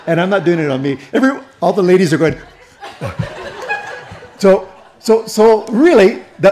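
High-voiced preaching man. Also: a little mellow. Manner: conversational preaching with humor and audience asides. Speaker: pastor. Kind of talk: sermon.

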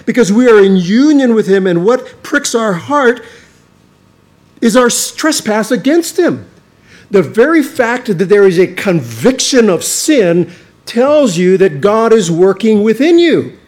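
In an unhurried sermon, a pastor whose voice sits high swings widely in pitch. He is earnest and emphatic, restarts often, and occasionally lowers to a quiet intensity.

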